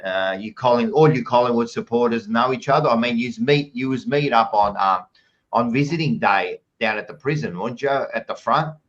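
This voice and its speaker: A man's voice: medium pitch, moderate pace, highs cut off. An Australian man hosting a podcast, chatting casually and reading out live chat messages with jokey, blokey banter, calling everyone mate. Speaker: podcast host.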